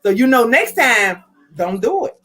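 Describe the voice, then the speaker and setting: A woman holds forth in a casual spiritual podcast chat. Her voice is high, bright and lively. She laughs often and swears freely. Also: unhurried, low-quality recording. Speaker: podcast co-host.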